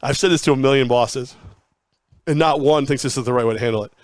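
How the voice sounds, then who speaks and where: A man in his forties tells long, meandering stories from his radio career, often slipping into the voices of the people he quotes. His pitch sits at an ordinary middle for a man. The recording is dry and close, with no room sound. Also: fast, no echo. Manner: rambling anecdotes, acts out quoted dialogue. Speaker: guest, former sports radio host. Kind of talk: casual interview storytelling.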